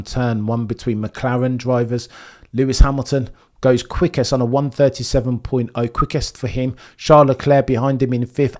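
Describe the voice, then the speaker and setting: A man calling a live race stream as a fan, jumping from calm updates to loud pleading shouts. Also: mid-range voice. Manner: swings from calm reading of gaps to loud shouting; fan-like, pleading with drivers, chatty with viewers.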